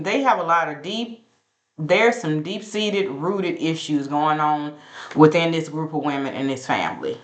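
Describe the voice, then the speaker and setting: A woman's voice: sits low, a bit bright, reverberant. A woman, sassily recapping a reality show episode in a casual, gossipy commentary straight to her viewers.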